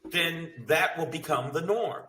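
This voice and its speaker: A man's voice: a little high, unhurried, bright, forceful tone. A man, a comedian ranting profanely on a podcast. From Brooklyn, New York. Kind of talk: heated casual chat. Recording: echoey room, mic at a distance, faint noise.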